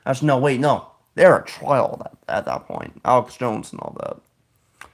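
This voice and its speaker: A male podcast host delivers a loose, opinionated monologue at a mid-range pitch. He rambles from point to point, often restarting sentences and correcting himself as he goes. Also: sing-song, measured pace, vocal fry. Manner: opinionated, politically outspoken.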